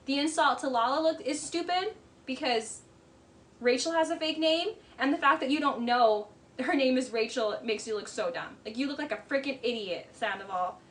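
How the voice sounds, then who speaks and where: A woman hosting a casual reaction commentary, blunt and scornful, talking in animated rants full of "like" fillers. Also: high voice, normal speed. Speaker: commentary host.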